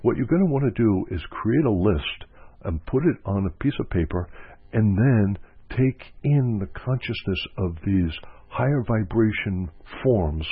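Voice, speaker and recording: His voice is fairly low with a breathy edge as this counselor delivers a thoughtful spiritual teaching, going back over phrases for emphasis. The recording is dry and narrow, much like a phone.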